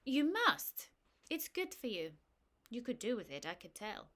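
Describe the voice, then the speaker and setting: A woman's voice: on the high side, huge pitch swings, unhurried, a bit bright, voice pushed up, full character voice. A woman voicing a tall, breezy French woman with a French accent, abrupt but endearing in manner. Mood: insistent. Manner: blunt, cheery, insistent.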